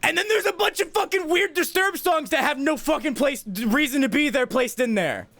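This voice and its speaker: Male podcast co-host, very high bright voice, gravelly edge, loud rambling comic riffs. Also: animated, moderate pace, no echo. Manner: loud, rambling, swearing, shouting bits. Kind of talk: casual comedic chat.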